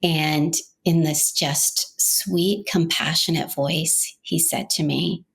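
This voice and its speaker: A middle-aged woman hosting a podcast shares her own story in a slow, unhurried way. Her voice sits low, with a gravelly edge. She speaks earnestly and reflectively, sometimes restarting a thought. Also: fairly even intonation. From Maine, United States. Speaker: podcast host.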